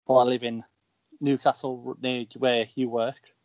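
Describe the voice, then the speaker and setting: Brief: Black Country man, wrestler guest in casual podcast chat, animated storyteller, dry close sound. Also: mid-range voice, unhurried, no room sound, muffled recording. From Dudley, Black Country, England. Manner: animated storyteller, acts out quoted lines.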